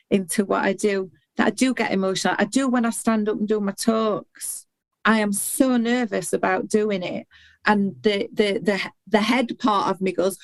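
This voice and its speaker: Middle-aged woman, podcast guest, heartfelt with halting restarts, dry booth sound, mid pitch. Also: no echo. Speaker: guest, intuitive healer and hypnotherapist. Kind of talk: candid podcast conversation.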